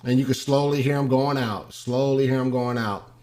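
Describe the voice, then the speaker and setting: A man's voice: mid-range voice, fairly even intonation, normal speed, a little mellow. A man hosting a show, commenting casually on a video in a hesitant way, with many ums and restarts. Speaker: host.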